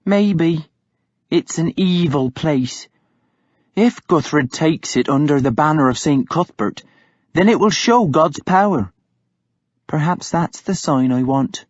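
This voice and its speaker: A man's voice: on the high side, animated, takes it slowly, no echo, pitched above the performer's own voice. A man reading an audiobook, voicing a stern, pious young woman who speaks tartly and reprovingly. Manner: tart, reproving. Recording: dull lo-fi audiobook recording.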